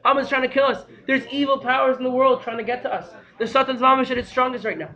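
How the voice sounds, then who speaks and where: An excitable man teaches a storytelling Torah class in a high, bright voice that keeps breaking into shouts. He talks fast and sprinkles in Hebrew and Yiddish terms. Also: lo-fi sound.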